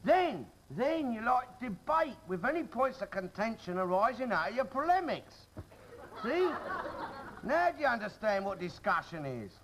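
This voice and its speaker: A man's voice: extremely high pitch, very animated, normal speed, heavily acted. An actor playing a cantankerous, argumentative working-class father in a 1960s television sitcom. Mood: lecturing. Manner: blustering, argumentative, bursts into shouting. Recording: noisy old television recording.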